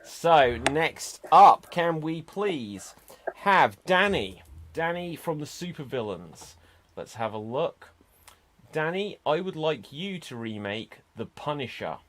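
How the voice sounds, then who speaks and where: A man hosting an online improv game, setting up each round in a slow, deliberate way. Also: on the high side, very animated, fairly bright tone. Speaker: improv show host.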